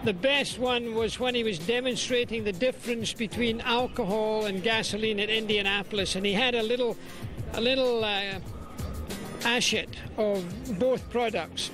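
A Scottish man telling a lively anecdote as a guest in a TV interview. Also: sits high, moderate pace, over music, rough recording.

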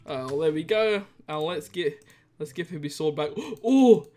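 A male YouTuber giving excitable gameplay commentary, giggling and laughing often. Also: a little high, normal speed.

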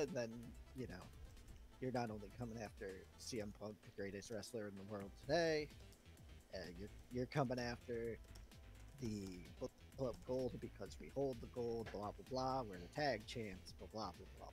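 A man's voice: mid-range voice, normal speed. A man co-hosting a game stream, chatting casually and offhandedly with dry asides. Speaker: co-host. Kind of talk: casual chat while playing a wrestling booking game. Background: soft background music.

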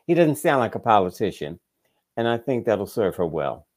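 A man's voice: lowish voice, very animated, darkish tone. A man co-hosting a sports and politics podcast, chatting casually with sarcastic jokes. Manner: wry, quick with sarcastic jokes. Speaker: podcast co-host.

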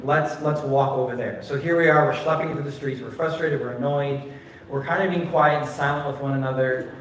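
A man pastor delivers a candid, conversational sermon packed with personal stories and filler words, his voice fairly high, brisk, and fairly even in intonation. It was captured on a phone from a distance in a church sanctuary, so the stream sounds distant and very echoey, with slight background noise.

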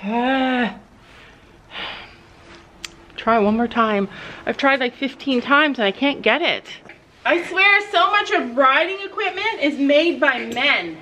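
A chatty mom with a high voice talks casually to a handheld camera outside at a horse barn. She laughs a lot and slips into cooing baby talk with the animals. Faint background noise sits under her voice. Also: expressive, slow pace, pauses often, sharp tone. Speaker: mom vlogger. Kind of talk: casual vlog chat.

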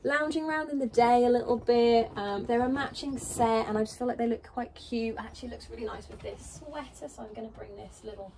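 A woman's voice: a little high, steady tone, fairly quick, creaky, hardly any pauses, a little mellow, slight background noise. A British woman vlogging in a casual, rambling way, thinking aloud as she packs. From Britain. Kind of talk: casual chat while packing.

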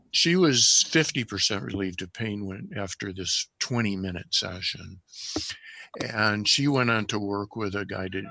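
An older man, a physician guest on a podcast, telling a case history in a measured, reflective way. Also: sits low, gravelly, bright, forceful tone, no echo.

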